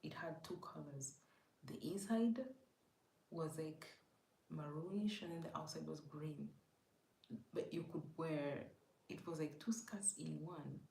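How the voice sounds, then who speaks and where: A woman's voice: low-pitched, unhurried, creaky, pauses often, dark tone. A woman telling a story casually to her live chat, rambling and often half-whispering, with many filler words. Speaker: livestream host. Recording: echoey room with faint background noise.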